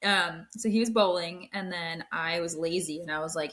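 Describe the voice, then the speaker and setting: A young woman, a podcast co-host, chatting casually and telling an eerie story in an animated way, peppered with "like". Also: lowish voice, normal speed, hardly any pauses. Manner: animated storytelling, acts out quoted voices, frequent "like".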